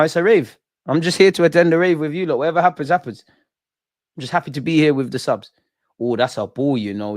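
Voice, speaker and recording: A young man reacts live to a football match, cracking jokes in thick slang and shouting out his chat. His voice sits in an ordinary middle pitch. The sound is dry and close, with no room echo. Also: a little fast, pauses often. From England. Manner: excitable, jokey, slangy, talks to chat. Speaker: football watch-along streamer. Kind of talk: live match watch-along banter.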